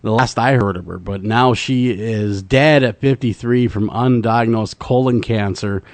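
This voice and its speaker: A man's voice: lowish voice, unhurried, dry recording. A man hosting a radio talk show in casual banter, joking and rambling and laughing easily.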